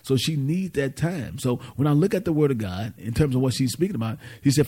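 A man's voice: mid-range voice, a little fast, hardly any pauses, warm tone, husky. A man giving an informal, conversational sermon, asking the congregation to finish his lines. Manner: call-and-response questions, conversational. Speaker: preacher.

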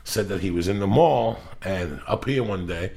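A man hosting a casual podcast, telling profane, animated stories and acting out the quotes. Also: deep voice, moderate pace, creaky. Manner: profane storyteller, acts out quotes. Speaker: podcast host. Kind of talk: casual chat. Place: Los Angeles area.

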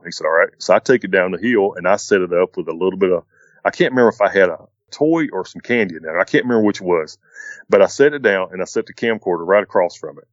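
Very deep middle-aged man telling a rambling story, dull dry recording. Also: no room sound. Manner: rambling, repeats "he said" and "I said". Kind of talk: casual spoken retelling of a strange encounter.

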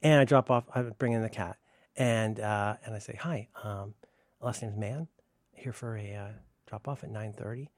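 A man's voice: moderate pace, dry recording, studio quality. A middle-aged man on a podcast, telling a rambling, profane, sardonic story in casual chat. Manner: puts on high voices when quoting staff. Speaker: podcast co-host.

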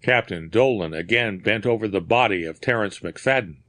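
A man narrating a mystery story in a measured, deliberate way. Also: lowish voice, fairly bright tone, no echo, studio quality. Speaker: audiobook narrator. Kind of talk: scripted narration.

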